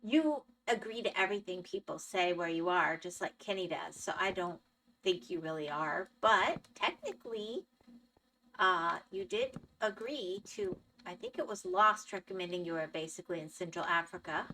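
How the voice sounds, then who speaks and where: A woman's voice: lowish voice, normal speed, pushed and bright, far from the mic, slight background noise. A woman streamer chatting casually with her chat while playing a game, thinking aloud as she goes.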